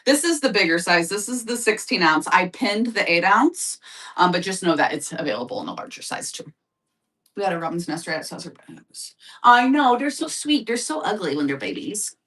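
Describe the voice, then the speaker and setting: Bright-voiced chatty woman hosting a live sale. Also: lowish voice, very animated, moderate pace, recorded from a distance. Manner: chatty and upbeat, addresses viewers as y'all. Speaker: live shopping host. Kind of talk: casual live-stream sales chat.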